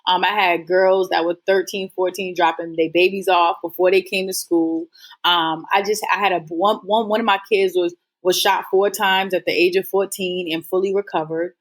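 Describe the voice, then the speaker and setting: A woman's voice: lowish voice, fairly even intonation, moderate pace. A woman guest telling her story in a casual interview, earnest and rambling with lots of fillers. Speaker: guest entrepreneur.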